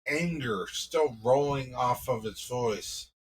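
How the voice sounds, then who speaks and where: Man, improvised storyteller, slow and husky, rambling casual telling. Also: medium pitch, rough recording.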